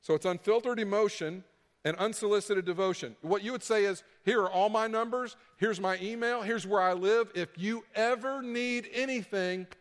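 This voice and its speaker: A pastor preaches a sermon in a large hall, repeating key phrases for emphasis and acting out what people would say. His voice is high and his speed normal.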